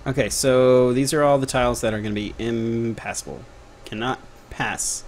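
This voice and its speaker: With a medium pitch, level tone, moderate pace, and few pauses, a young man from Texas speaks in a Texan accent over slight background noise. He's a game developer on a casual live stream teaching a tutorial, chatty and jokey and muttering to himself as he works.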